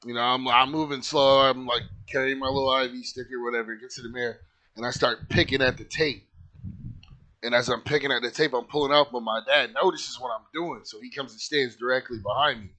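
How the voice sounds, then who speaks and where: A man's voice: mid-range voice, fairly even intonation, a little fast, sharp tone. A man casually telling a personal story in a rambling, conversational way, full of "like" and "you know", earnest and heartfelt. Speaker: channel host telling his own story.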